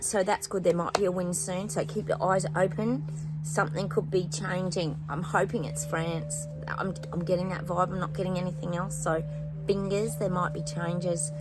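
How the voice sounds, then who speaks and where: A woman's voice: on the low side, fairly even intonation, moderate pace, low-quality recording. A woman hosting a psychic channel, chatting casually to her viewers with fillers and rambling asides. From New Zealand. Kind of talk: casual spoken predictions to viewers. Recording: music playing behind.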